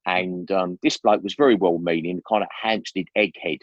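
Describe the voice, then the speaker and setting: Older bloke, very low voice, rambling anecdotes, slangy, dry lo-fi sound. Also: male voice, fairly even intonation, normal speed, dry recording. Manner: chatty, with many restarts and slang. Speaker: guest. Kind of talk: rambling casual storytelling. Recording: dry, dull lo-fi recording.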